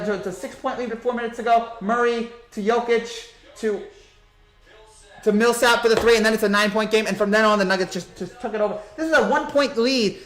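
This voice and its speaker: A young man hosting a postgame basketball reaction stream, talking in an excited, hyped-up way and reading out reactions. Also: very high voice. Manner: excited, rapid, hyped-up sports talk. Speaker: sports commentary host.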